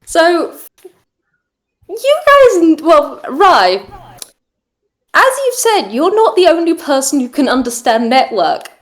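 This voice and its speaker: A woman narrating as game master in a tabletop game. Her voice sits fairly high, and she talks in a lively, descriptive way with amusement. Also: a little slow.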